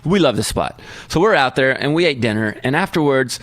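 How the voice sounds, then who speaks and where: A man's voice: medium pitch, expressive, a little fast, fairly bright tone, no echo. A man in his thirties, a podcast co-host telling a long story in casual chat and acting out the voices in his quotes.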